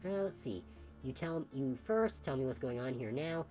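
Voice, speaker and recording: Low-voiced casual woman streamer. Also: animated, a little fast, a little mellow, soft background music, rough recording. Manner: casual and musing, narrating scenes aloud. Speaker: streamer playing a video game. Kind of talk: let's play commentary and narration.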